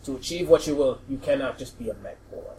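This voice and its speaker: A man voicing an ominous ancient orc god, slow and low in a half whisper, with faint noise behind. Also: animated, warm tone, recorded from a distance, natural voice, poor audio.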